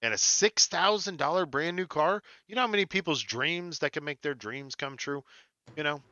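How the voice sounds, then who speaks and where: A man co-hosting a casual podcast, chatting about markets in an animated, jokey way, often laughing at his own lines. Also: on the high side, normal speed, dull audio. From United States. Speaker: podcast co-host.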